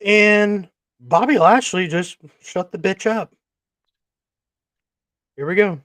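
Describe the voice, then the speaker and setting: A man's voice: high-pitched, slow, fairly bright tone, dry recording. Profane, rambling male podcast host. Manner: rambling, profane, talking while eating. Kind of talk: casual wrestling chat.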